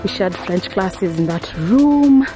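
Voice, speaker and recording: A woman's voice: mid-range voice, lively intonation, slow, over music. A Kenyan woman in her twenties, talking to camera in a casual vlog, emotional and gushing, repeating her phrases. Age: 20s. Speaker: vlogger.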